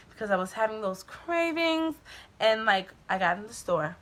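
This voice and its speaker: A woman's voice: a little high, sing-song, moderate pace, slight background noise. A young woman telling a personal story in a candid, chatty way, swearing now and then and filling her talk with "like". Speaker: vlogger. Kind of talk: casual storytime. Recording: music playing under the voice.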